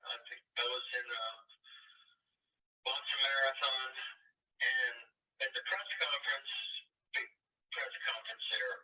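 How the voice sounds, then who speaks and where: Brief: man in his sixties, interview guest, rambling storyteller, bright sharp tone, distant call line. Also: mid-range voice, lively intonation, measured pace, long pauses, soft background music. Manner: rambling anecdotes with many fillers. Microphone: remote call.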